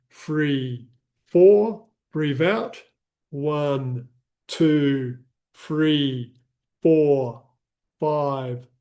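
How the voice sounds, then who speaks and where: Male wellness coach, slightly high voice, slow and soothing, counting breaths for a live group. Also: a little mellow. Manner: casual explaining with fillers, reads chat comments. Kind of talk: guided breathwork and live chat.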